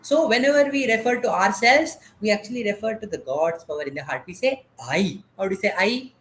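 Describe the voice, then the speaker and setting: A man's voice: high-pitched, lively intonation, fairly quick, fairly bright tone, reverberant, slight background noise. A man teaching a dance class over a video call. He patiently asks questions and has the students repeat each term after him.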